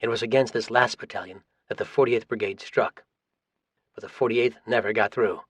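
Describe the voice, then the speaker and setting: A man narrating a military history audiobook in a measured, steady reading voice. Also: fairly low pitch, breathy edge, no echo. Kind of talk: scripted narration.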